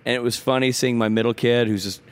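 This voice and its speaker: A man's voice: mid-range voice, fast talker, clean tone. Joking man telling family stories. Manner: joking storyteller, animated asides. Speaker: guest co-host; father. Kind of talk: casual podcast chat.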